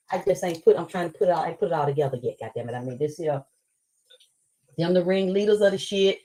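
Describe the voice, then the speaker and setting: A woman with a lowish voice ranting on a live stream. She tells her story in rapid, angry, profane bursts, and her tone stays heated and accusing throughout. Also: warm tone, low-quality recording.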